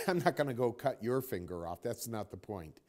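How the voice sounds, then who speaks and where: A man giving a spiritual talk as a teacher, telling a story with dramatic pauses and dropping to a near whisper. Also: medium pitch, big pitch swings. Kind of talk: spoken dharma talk.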